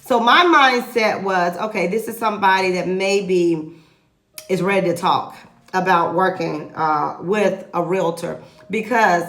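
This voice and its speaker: Animated woman realtor, echoey room. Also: mid-range voice. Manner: animated, lively retelling with emphatic repeats. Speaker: real estate agent. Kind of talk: casual storytelling to camera.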